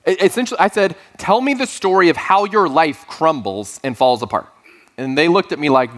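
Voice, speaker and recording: A man's voice: on the high side, animated, fairly quick. A man preaching a sermon as pastor of his church, talking conversationally with dry, self-deprecating asides.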